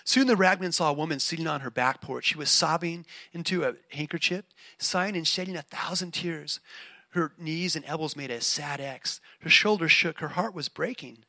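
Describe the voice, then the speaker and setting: An earnest male pastor preaching and reading a story aloud, his voice somewhat high for a man and bright with a forward edge. He speaks softly and sincerely, close to the mic in a dry, dead space. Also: moderate pace, dry recording. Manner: earnest and heartfelt, soft-spoken.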